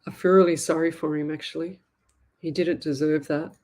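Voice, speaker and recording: An Australian woman hosting a live psychic reading, speaking in a sympathetic, halting way and repeating herself often. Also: deep voice, steady tone, darkish tone. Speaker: psychic medium host.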